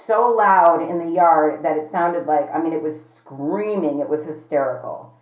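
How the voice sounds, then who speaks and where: A woman pet vlogger chats to the camera at home, rambling along and often calling her viewers "you guys." Her voice sits low at a normal speed, and the home recording is echoey and slightly dull.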